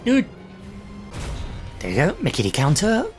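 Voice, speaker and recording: A man's voice: high-pitched, huge pitch swings, unhurried, faint music behind. A young adult man casually commentating his own gameplay, swearing and reacting aloud as he fights. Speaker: gaming channel host.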